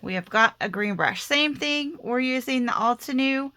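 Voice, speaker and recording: Her voice sits high and is expressive, pushed and bright, at a normal pace, with slight background noise. This crafting video host has a light Southern American accent and chats casually through the tutorial, poking fun at herself and muttering to herself as she works.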